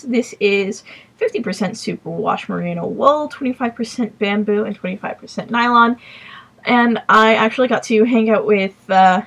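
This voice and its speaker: A woman with a slightly husky, mid-pitched voice chats casually as a podcast host, speaking into a computer mic at home. She rambles and drifts between points, breaking off now and then to apologize. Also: a bit bright. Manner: chatty, rambling, apologetic asides. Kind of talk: casual chat.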